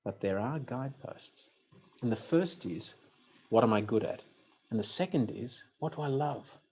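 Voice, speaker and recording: A man gives a motivational talk on stage. His husky voice swings up and down as he tells stories, punchy with dry humor. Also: mid-range voice, lively intonation, moderate pace, darkish tone. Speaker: speaker.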